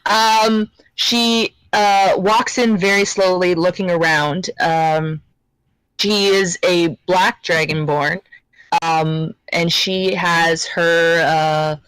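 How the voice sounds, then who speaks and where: Female player, slow, halting, dry close sound. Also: on the low side, fairly even intonation, a bit bright, clean tone, dry recording, poor audio. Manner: hesitant, many fillers. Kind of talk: describing her character in a tabletop game.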